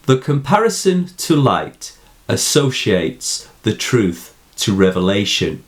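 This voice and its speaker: British guy reading a poem analysis slow and deliberate, lowish voice, lots of up and down. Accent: British English. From England. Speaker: poetry teacher.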